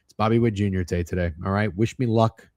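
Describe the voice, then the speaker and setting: Excitable, profane man hosting a betting stream. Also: fairly low pitch, quick pace, no echo, studio quality. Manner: excitable, profane, rambling with many restarts. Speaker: sports betting show host. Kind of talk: casual sports betting livestream chat.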